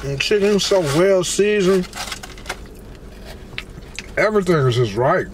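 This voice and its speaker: A man who is a blogger, ranting casually and excitedly as he eats on camera, breaking into exclamations between bites. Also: high voice, a little slow, pauses often, a little hiss or hum. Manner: animated, exclamatory, chatty, talks between bites. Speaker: celebrity blogger and vlogger. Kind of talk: casual rant while eating on camera.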